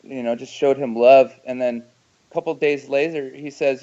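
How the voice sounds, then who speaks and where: A man, an actor and screenwriter, giving emotional, halting interview answers and often repeating his words. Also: medium pitch, steady tone, dark tone, lo-fi sound.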